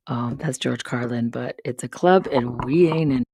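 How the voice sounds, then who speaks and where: A woman live-streaming a casual monologue, sarcastic and rambling, swearing often and breaking into quick asides. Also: extremely low pitch, dark tone, husky, no echo, studio quality. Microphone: studio mic up close.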